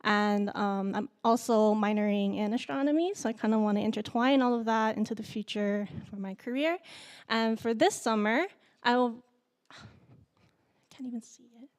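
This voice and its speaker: A young woman from Hawaii, giving a nervous, halting student presentation full of fillers. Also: on the high side, clean tone. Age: young adult. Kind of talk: symposium presentation.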